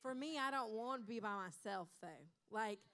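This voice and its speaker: A woman in casual chat during a church marriage class, halting and full of fillers. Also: a little high, fairly bright tone. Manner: halting, many fillers and restarts. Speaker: class leader's wife.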